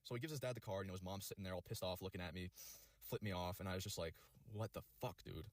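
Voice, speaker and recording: A man telling a personal story in a rapid, rambling way, full of swearing and fillers. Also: low voice, dry recording.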